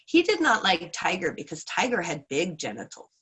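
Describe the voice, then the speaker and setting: Bright, husky woman telling a folk tale. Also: lowish voice, huge pitch swings, normal speed, low-quality recording. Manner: chatty, hedging, playful. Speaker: class teacher. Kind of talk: casual lesson with folk storytelling.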